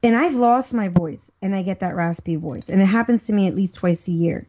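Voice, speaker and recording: A woman's voice: mid-range voice, a little fast, dark tone. A woman co-hosting a podcast in casual, teasing banter who laughs easily. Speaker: podcast co-host. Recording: dull lo-fi podcast audio.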